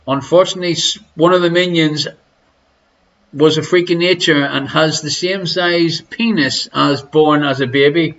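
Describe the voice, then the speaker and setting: Here the Irish quiz host keeps up his jokey, crude banter while reading questions to a live-stream audience from home. The pitch is fairly high and a bit bright, the tone steady, the pace moderate, and the sound muffled.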